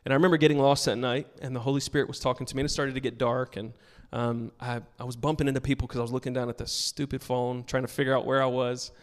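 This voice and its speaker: A man's voice: mid-range voice, flat delivery, quick pace, few pauses, big-room sound. A pastor preaching a sermon to his congregation, emphatic and earnest, telling stories between points. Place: church sanctuary with a congregation.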